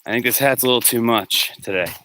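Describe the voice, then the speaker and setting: This man talks fast with a sharp tone and medium pitch. Walking outdoors through a neighborhood as a livestream host and musician, he chats casually, jumping between topics and answering viewers by name, over faint street noise and far-off barking.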